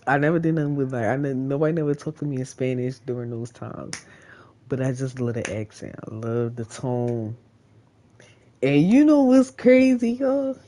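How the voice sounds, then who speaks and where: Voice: medium pitch, moderate pace, mellow, a little hiss or hum. A vlogger talking in a casual, rambling monologue straight to the camera, swearing freely and laughing often.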